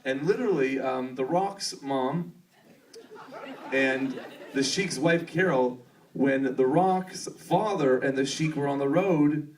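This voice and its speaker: A man on a Q&A panel tells a story in a rambling, excited way, with lots of fillers. His voice is mid-pitched. He is heard from a distance in a theater. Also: slow pace. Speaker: filmmaker on a Q&A panel. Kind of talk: casual storytelling answer. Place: theater at a film premiere. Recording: distant mic in a venue.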